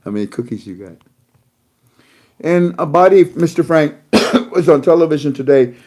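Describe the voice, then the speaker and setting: A man hosting an online talk show, teasing an imagined listener with mocking banter and swinging between loud emphatic lines and low muttered asides. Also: animated, moderate pace. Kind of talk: casual monologue.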